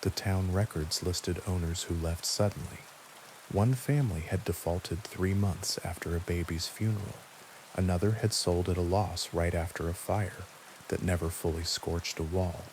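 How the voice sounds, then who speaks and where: Deep-voiced man narrating calmly. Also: normal speed, a little hiss or hum, rough recording. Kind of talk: scripted first-person horror narration. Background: steady rain.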